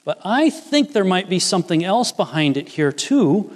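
A man speaking a touch slowly, with big swings in pitch, gives an earnest, explanatory sermon under long hall reverb. He repeatedly quotes scripture with growing emphasis, raising his pitch when voicing Jesus and Peter.

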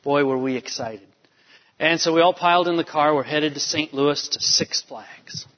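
A pastor telling a family story in a sermon, storytelling with many fillers. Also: male voice, fairly high pitch, moderate pace. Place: church sanctuary. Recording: dull reverberant church hall. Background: long hall reverb.

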